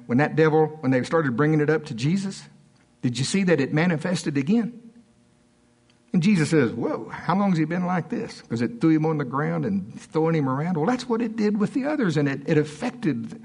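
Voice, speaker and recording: A man preaching a sermon as pastor, telling stories and acting out quotes with big swings in pitch. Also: breathy edge. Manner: storytelling preacher, swings between high animated quotes and low asides.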